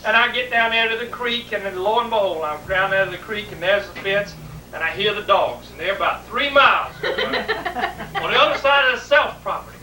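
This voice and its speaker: A man's voice: sits high, a little fast, pushed and bright. A middle-aged man, telling a family story in a colorful, folksy way and laughing as he goes. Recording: roomy, distant home video with faint noise.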